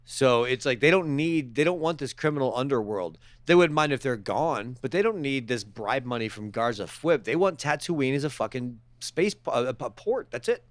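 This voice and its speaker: A man co-hosting a casual podcast, joking and swearing, who keeps slipping into quick character voices. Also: mid-range voice, lively intonation, no echo. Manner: jokey, profane, puts on quick character voices. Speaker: podcast co-host.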